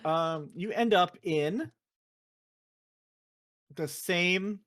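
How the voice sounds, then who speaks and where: A woman's voice: lowish voice, very slow, dry recording, clean studio sound. A woman co-hosting a podcast, retelling a game in casual chat, swearing freely and acting out quoted lines. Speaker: podcast co-host.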